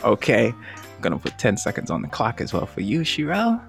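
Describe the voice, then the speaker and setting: A man hosting a playful tongue-twister game on a video call, upbeat and quick to laugh. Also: creaky, over music. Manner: upbeat, laughs often, very lively pitch. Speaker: host. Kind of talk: game show banter.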